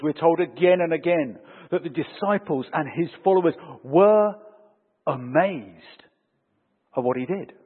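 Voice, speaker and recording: A man preaching a sermon, animated, lifting his voice for emphasis and dropping it low to end his points. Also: slightly rough. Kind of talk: sermon with opening prayer. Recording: phone-like sound with long hall reverb.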